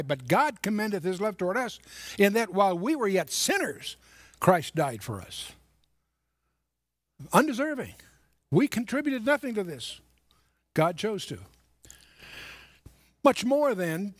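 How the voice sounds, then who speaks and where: Male preacher, high-pitched, animated and emphatic, dry close recording. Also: no echo. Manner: animated, emphatic, reads scripture aloud. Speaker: Bible teacher. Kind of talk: sermon, Bible teaching.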